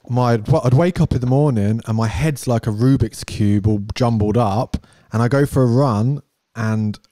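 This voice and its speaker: A man's voice: fairly low pitch, mellow, no echo, studio quality. A young man in casual chat, speaking eagerly and explaining with vivid everyday comparisons. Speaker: podcast co-host.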